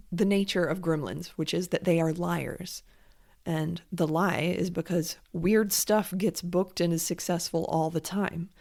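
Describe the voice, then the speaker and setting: A woman's voice: lowish voice, vocal fry, darkish tone. A woman hosting a solo podcast, talking frankly and casually with lots of fillers and restarts. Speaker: podcast host and creative coach.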